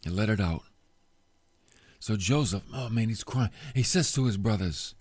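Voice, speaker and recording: A man preaching a sermon, retelling a story with expressive, emotional delivery that drops soft at moving points. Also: lowish voice, moderate pace, no room sound. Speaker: pastor.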